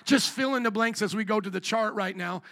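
A man preaching a sermon, animated, rising to shouts and calling for amens from the congregation. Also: high voice, brisk. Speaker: pastor.

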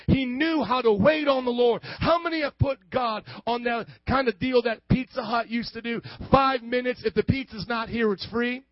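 A man preaching a sermon with fervor, acting out both sides of arguments and building to shouts. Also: very high-pitched, moderate pace, hardly any pauses, no echo, muffled recording.

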